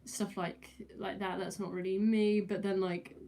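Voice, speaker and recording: A woman's voice: medium pitch, level tone, unhurried, dark tone. Hesitant young woman streamer. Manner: hesitant, many fillers and restarts, slight stutter. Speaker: streamer answering chat. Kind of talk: casual livestream Q&A.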